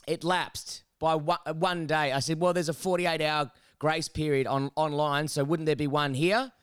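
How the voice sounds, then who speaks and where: A man's voice: on the high side, normal speed, few pauses, clear, resonant tone, no echo, studio quality. A man with an Australian accent telling a long story on a podcast, swearing freely and acting out both sides of the conversation. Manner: sweary, animated storyteller who acts out both sides of exchanges. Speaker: podcast co-host. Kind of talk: casual storytelling chat.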